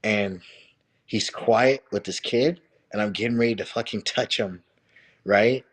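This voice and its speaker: A man, a wrestling coach, telling stories as a podcast guest in an animated, profane way, often saying "bro". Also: lowish voice, measured pace. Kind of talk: casual storytelling.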